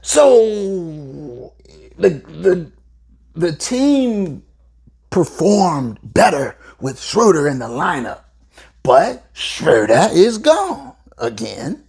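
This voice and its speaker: A woman's voice: low-pitched, extremely slow, vocal fry, breathy edge. A woman hosting a solo basketball talk show, giving emphatic, playful commentary. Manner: emphatic, animated, playful asides. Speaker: podcast host.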